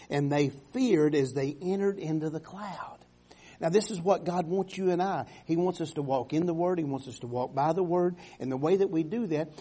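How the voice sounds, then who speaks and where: Husky guy preaching, kinda high voice, gets loud then goes soft. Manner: fervent, rising to loud exhortations, dropping to soft tones. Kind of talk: sermon.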